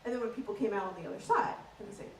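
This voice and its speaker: A woman's voice: medium pitch, very fast, darkish tone, reverberant. A young woman performing a stand-up comedy set on a theater stage, chatty and playful, heard from a distant mic.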